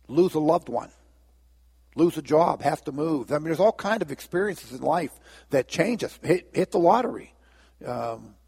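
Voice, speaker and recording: A man preaching a sermon as pastor, telling a story and acting out the characters' lines in lively voices. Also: on the high side, gravelly, slightly rough, long reverb tail. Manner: storytelling, acts out biblical dialogue with lively voices.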